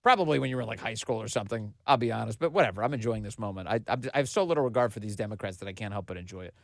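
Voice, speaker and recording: A man's voice: lowish voice, lively intonation, rapid-fire, vocal fry, no echo, studio quality. A man hosting a political commentary podcast, talking in a mocking, sarcastic way and laughing at what he covers. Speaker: podcast host.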